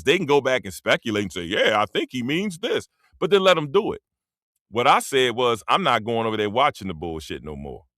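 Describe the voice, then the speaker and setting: A man's voice: fairly high pitch, a bit bright, no room sound, studio quality. A middle-aged man, hosting a casual livestream rant, loose and joking, laughing mid-sentence and calling out to his chat. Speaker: livestream host.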